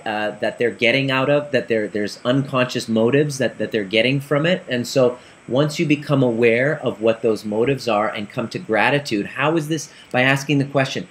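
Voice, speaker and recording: An earnest man recounts a session with clients and plays out their exchange with feeling. His voice sits at an ordinary middle pitch. A faint background noise runs under the recording. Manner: earnest, animated storytelling with quoted dialogue. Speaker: practitioner telling a client story. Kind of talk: storytelling talk.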